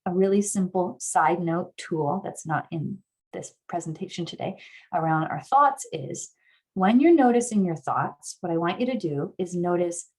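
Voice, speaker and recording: A woman therapist teaching an online workshop, guiding listeners through an exercise in an earnest way, sometimes rising into excited affirmations, heard over a video call. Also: on the low side, normal speed. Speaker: somatic therapist guest speaker.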